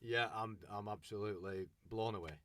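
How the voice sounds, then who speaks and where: Quick-talking singer, low voice. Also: male voice, fairly even intonation, fairly bright tone, no room sound. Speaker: country singer guest. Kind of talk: casual interview chat.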